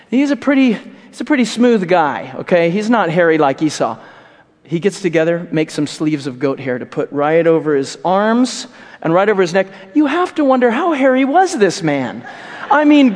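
A man's voice: high-pitched, expressive, normal speed. A man preaching a sermon, retelling a scripture story vividly with asides. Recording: echoey hall with long reverb.

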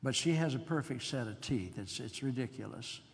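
An older man preaching a sermon in a conversational, musing way, with asides and soft chuckles. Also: mid-range voice, expressive, moderate pace, vocal fry, big-room sound.

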